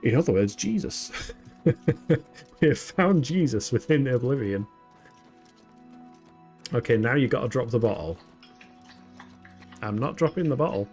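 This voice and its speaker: A young man livestreaming a game, rambling in playful, giggly banter. His voice sits at an ordinary pitch for a man, picked up on a desk microphone. Faint game music plays behind him. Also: expressive, a little slow, pauses often, darkish tone. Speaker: streamer. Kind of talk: casual gameplay livestream. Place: home gaming setup.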